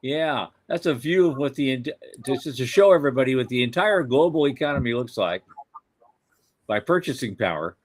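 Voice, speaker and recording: An older man co-hosting a podcast, chatting casually in a joking, lively way. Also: medium pitch, moderate pace. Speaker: podcast co-host. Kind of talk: casual chat.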